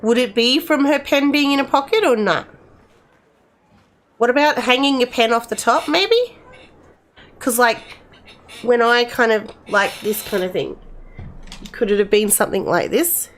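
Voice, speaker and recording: A woman's voice: on the high side, a little slow, long pauses, fairly bright tone, a little hiss or hum. A middle-aged woman, chatting casually with her live-stream viewers in a rambling way, full of restarts.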